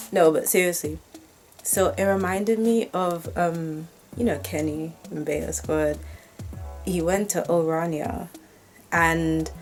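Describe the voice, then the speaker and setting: A woman's voice: low-pitched, darkish tone. A woman from Britain vlogging in a chatty, rambling way, correcting herself mid-sentence and tossing in wry asides. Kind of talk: casual talking-head commentary.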